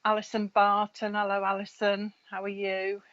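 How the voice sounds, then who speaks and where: A woman's voice: mid-range voice, monotone, normal speed, fairly bright tone. A middle-aged woman, a spiritual medium chatting casually on a live stream, reading out viewers' names in a friendly, gossipy way. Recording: slightly dull lo-fi live-stream audio.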